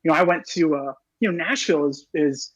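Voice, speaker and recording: Fast-talking man, rambling podcast chat. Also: on the high side, slightly rough, no echo, dull audio. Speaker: podcast co-host. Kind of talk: casual chat.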